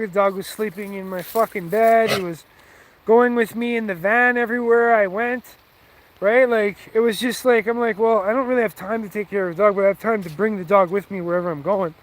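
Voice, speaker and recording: A man's voice: high voice, a little fast, fairly bright tone. A man telling a rambling, heated story with lots of swearing, in a casual, offhand way. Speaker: vlogger.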